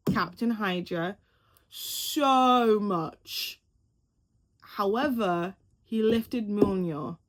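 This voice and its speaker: A young woman vlogging at home, reacting to a film trailer in an excitable, rambling way, stumbling over words and swearing casually. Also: medium pitch.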